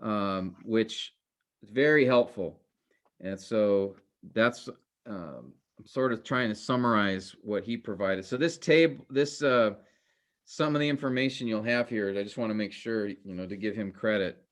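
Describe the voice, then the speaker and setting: Halting man teaching a class. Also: on the low side. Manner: halting, many fillers and restarts. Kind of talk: classroom lecture.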